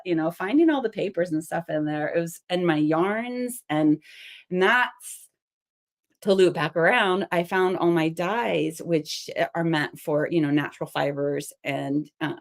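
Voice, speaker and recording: Low gravelly-voiced woman chatting while crafting. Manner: chatty and rambling, laughs often. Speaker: craft vlogger. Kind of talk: casual crafting tutorial chat.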